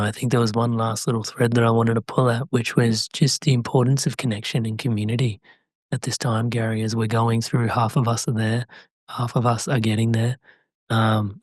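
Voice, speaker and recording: A man's voice: medium pitch, a little mellow, dry recording. A man hosting a podcast interview, earnest and searching for his words as he asks questions. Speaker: podcast host. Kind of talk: interview conversation.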